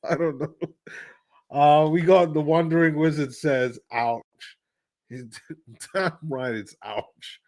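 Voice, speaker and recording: A man giving live play-by-play commentary as a fan on a watch-along stream, sighing in disbelief and getting loud when his team scores. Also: a little high, takes it slowly, dry recording. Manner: excitable fan, swings from sighing disbelief to shouting.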